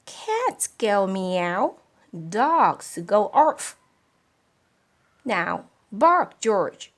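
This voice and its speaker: A woman's voice: mid-range voice, very animated, full character voice. A woman voicing a patient but increasingly desperate mother dog in a storybook read-aloud. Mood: pleading. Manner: slow, emphatic, pleading.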